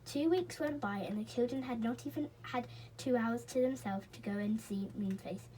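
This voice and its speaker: A woman reading a children's book aloud in a gentle, expressive way, with small slips and restarts. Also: a little high, moderate pace, rough recording. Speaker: reader.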